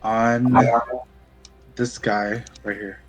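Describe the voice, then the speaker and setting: A man's voice: lowish voice, level tone, very slow, lo-fi sound, over music. A man playing a tabletop game, speaking in a hesitant, unsure way. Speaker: player.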